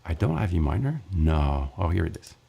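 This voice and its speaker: A man's voice: deep voice, big pitch swings, moderate pace, creaky. A man teaching ukulele in a casual lesson, counting beats aloud while he strums and chatting between takes. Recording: ukulele playing loudly under the voice.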